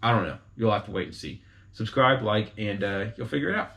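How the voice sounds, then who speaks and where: A man's voice: on the low side, animated, a little fast, vocal fry, a bit bright. A man hosting his own show, casually explaining to viewers in a chatty, informal way with frequent asides to the audience. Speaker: host explaining whiskey types.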